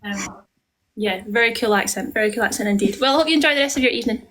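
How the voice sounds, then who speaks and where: A Scottish woman chats with viewers on a livestream from her phone, gushing and effusive. She talks at a middling pitch in an easygoing stream of praise and small talk. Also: fast, background noise. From Scotland. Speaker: livestream host. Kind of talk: casual livestream chat.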